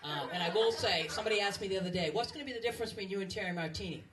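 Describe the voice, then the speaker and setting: A woman's voice: mid-range voice, very fast. Joking woman in her fifties at a banquet. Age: 50s. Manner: self-mocking and joking, with many fillers. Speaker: outgoing network president and emcee. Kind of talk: humorous farewell speech at an event. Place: large banquet room with a laughing audience. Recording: distant, noisy recording over a loud crowd.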